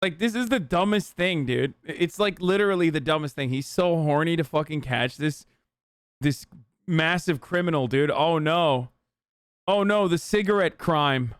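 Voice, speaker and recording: A man's voice: fairly high pitch, normal speed, clean tone, no room sound, studio quality. A young man streaming a casual reaction, swearing a lot and mocking what he watches in disbelief. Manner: profane, mocking, incredulous.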